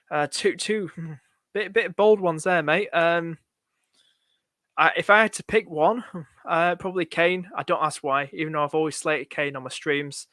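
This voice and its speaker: A man hosting a live fantasy football stream, answering viewers' questions in a rushed, excitable way and calling everyone "mate". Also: a little high, dry recording. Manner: excitable, rushed, repeats himself, says "mate" a lot.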